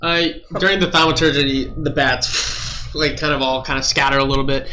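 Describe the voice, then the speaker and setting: A man's voice: mid-range voice, steady tone, moderate pace, sharp tone, slight background noise, low-quality recording. A man narrating as game master of a tabletop game, in a casual, filler-heavy way.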